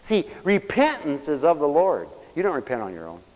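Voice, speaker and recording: A male preacher giving a sermon for radio, animated and swinging from loud exclamations to hushed tones. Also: a little high, moderate pace. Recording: dull, echoey church recording.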